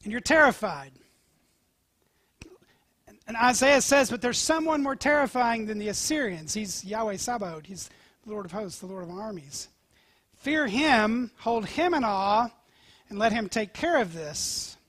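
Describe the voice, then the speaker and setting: A male pastor preaching a sermon, telling scripture stories with animated swings from loud to whispered. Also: high voice, measured pace, long pauses, no echo. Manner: animated storytelling, dropping to near-whispers.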